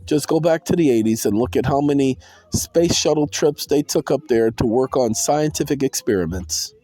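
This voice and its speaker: A man giving a casual, animated monologue to his viewers, calling out to them and slipping into sing-song bursts, with soul music playing behind him. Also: mid-range voice, normal speed. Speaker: vlogger.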